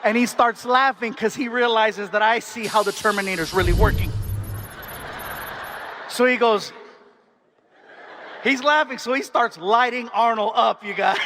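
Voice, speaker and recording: Brief: male stand-up comic, fairly high voice, animated storytelling. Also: normal speed, background noise. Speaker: stand-up comedian.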